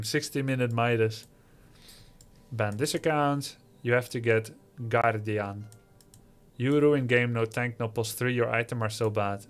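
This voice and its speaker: Sarcastic male streamer reading chat. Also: medium pitch. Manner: sarcastic, mocking, theatrical. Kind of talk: livestream reading chat messages.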